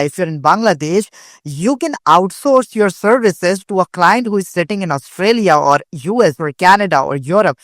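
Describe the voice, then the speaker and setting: A man's voice: high-pitched, a bit bright, dry recording, clean studio sound. A young man from Pakistan, a guest on an interview show, telling his career story in an earnest, casual way, often restarting phrases. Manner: earnest, with frequent repeated starts. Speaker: guest, digital marketing agency owner.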